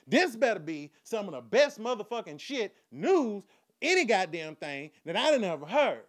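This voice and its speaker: A young man with a notably high-pitched voice tells a raunchy comic story in a loose, profane monologue. He swings from loud bursts to muttered asides and keeps laughing at his own lines. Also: sing-song, normal speed. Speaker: comedian telling a story.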